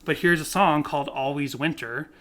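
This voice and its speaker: A man's voice: fairly high pitch, normal speed, a bit bright. A man co-hosting a podcast in casual chat, rambling and laughing as he talks. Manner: rambling, laughs often, self-correcting. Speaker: podcast co-host.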